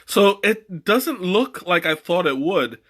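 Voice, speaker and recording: Excitable young man rambling about tea. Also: sits high, slow. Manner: rambling, many restarts and fillers; excitable, laughs often. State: has the hiccups. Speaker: tea stream host. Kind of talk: casual live-stream chat.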